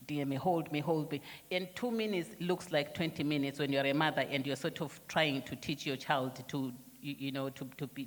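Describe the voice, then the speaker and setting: A woman's voice: low-pitched, in a large hall. A woman sharing a personal testimony in a sermon, earnest and confessional, often restarting and repeating words. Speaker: church speaker sharing testimony.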